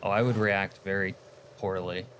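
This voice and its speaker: A young man talks loosely while he plays, drifting from one chat question to the next in a laid-back, rambling way. His voice sits fairly low, and a faint layer of background noise runs under the recording. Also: fairly even intonation, moderate pace, a bit bright. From United States. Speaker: streamer. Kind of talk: casual livestream chat while gaming.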